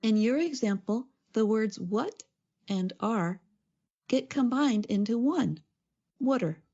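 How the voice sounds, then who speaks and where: Lady co-hosting an english lesson podcast, mellow warm voice, kinda dull sound. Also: on the high side, animated, slow. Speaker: co-host. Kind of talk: scripted educational podcast.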